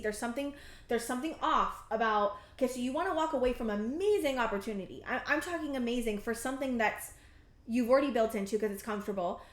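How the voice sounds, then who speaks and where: A woman in her thirties giving a tarot reading, talking in a halting, rambling, earnest way full of fillers and restarts, emotionally intense. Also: a little high, echoey room. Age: 30s. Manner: emotionally intense, close to tears at times. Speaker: tarot reader. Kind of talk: pick-a-card tarot reading.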